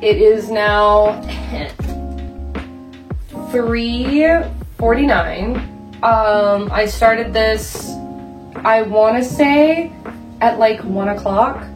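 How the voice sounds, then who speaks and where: A woman's voice: a little high, extremely slow, pauses often. A young Canadian woman chatting casually to camera as she tidies her home craft room, rambling and self-deprecating. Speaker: vlogger. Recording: clear music bed under voice.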